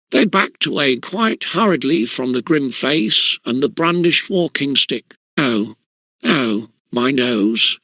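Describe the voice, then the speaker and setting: An audiobook reader narrates in a measured, steady storytelling style, his bright, slightly high voice dropping into a gravelly fry at the ends of phrases. The sound is close and dry, with no room sound.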